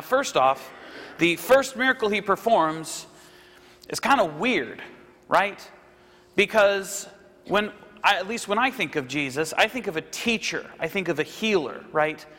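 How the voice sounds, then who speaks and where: A man's voice: high-pitched, a bit bright, long reverb tail. A man giving a casual, conversational sermon, often checking in with "right?" and acting out the people he quotes. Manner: conversational, frequent "right?" asides, acts out quotes. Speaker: preacher.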